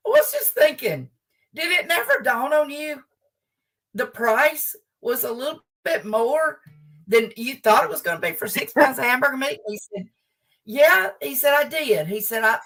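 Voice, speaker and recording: A woman's voice: sits high, far from the mic. Older woman telling a comic story. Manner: animated, laughs as she tells the story. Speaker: guest humorist.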